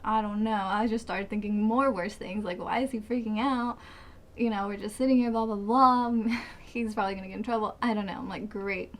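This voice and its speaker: A woman's voice: mid-range voice, steady tone, a little fast. A woman in her twenties telling a rambling, profane story in a dramatic, casual storytime way. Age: 20s. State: sweating, hot. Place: hot room.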